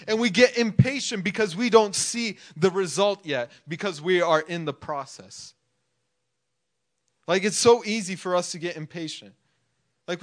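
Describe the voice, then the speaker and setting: High-voiced man preaching casually. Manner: conversational, filler-heavy, acts out inner thoughts. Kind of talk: casual sermon.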